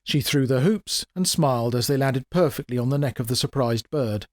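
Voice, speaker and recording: A man's voice: mid-range voice, normal speed, dry recording, studio quality. Man narrating a comic fantasy tale. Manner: wry, expressive storytelling. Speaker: author reading his own story. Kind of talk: dramatic audiobook narration.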